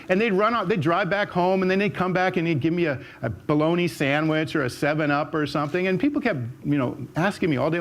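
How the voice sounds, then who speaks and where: On an auditorium stage, an older American man tells stories from his life, fast-talking and chatty. He rambles warmly with false starts and repeated words, and his pitch jumps up whenever he acts out what other people said.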